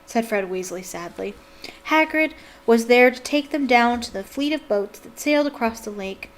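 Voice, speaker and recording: A woman's voice: a little high, expressive, normal speed. A young woman reading a novel aloud as a fan, breaking off with gushing, exclamatory asides. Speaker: book reader and fan. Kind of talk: casual reading aloud with commentary.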